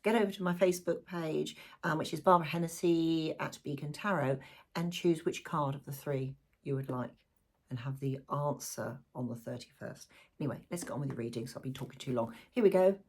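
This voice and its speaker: A middle-aged woman chats warmly through a tarot reading for her viewers. Her voice is a little low, husky and croaky. She keeps breaking off for friendly asides. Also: a little fast. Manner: warm, chatty and lively, with asides to viewers. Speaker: tarot reader. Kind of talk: chatty tarot reading vlog.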